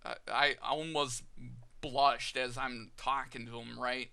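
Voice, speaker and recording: A man's voice: mid-range voice, level tone, slow pace, gravelly, bright, forceful tone, smooth. A young man casually telling a personal story on his vlog, candid and chatty, often laughing and acting out both sides of remembered conversations. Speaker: vlogger.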